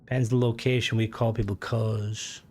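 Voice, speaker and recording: A young man with an Irish accent chats casually during a game stream, reading comments, joking, and swearing at a moderate pace. His delivery is flat and his tone darkish, yet his voice jumps high once he gets worked up.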